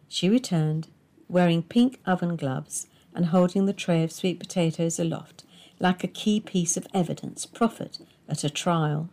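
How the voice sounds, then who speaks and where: A woman reading a dark domestic story aloud in measured, expressive audiobook narration. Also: lowish voice.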